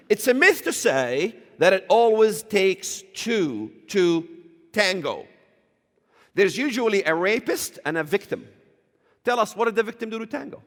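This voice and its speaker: A combative man preaching as a church guest, his voice bright and cutting as he pushes toward shouts. His pitch sits high and swings wildly from line to line. Long reverb from the church hall trails every word. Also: very animated, moderate pace. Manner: emphatic, combative, rising to shouts. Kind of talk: fiery preaching talk.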